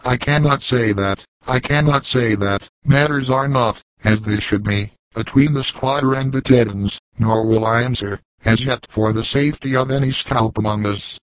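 A man's voice: mid-range voice, normal speed, hardly any pauses, dry recording, lightly acted, poor audio. A man reading the part of a weathered old backwoods trapper, plainspoken and chiding, in a dry audiobook recording. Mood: stern.

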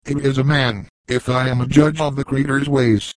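A man voicing a shrewd old trapper, cool and measured in his old-fashioned way of speaking. The voice sits in a middle register and sounds close and dry, as in a storybook reading. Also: medium pitch, fairly even intonation, no echo, close to an everyday voice, low-quality recording. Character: old veteran male woodsman trapper, calm and shrewd.

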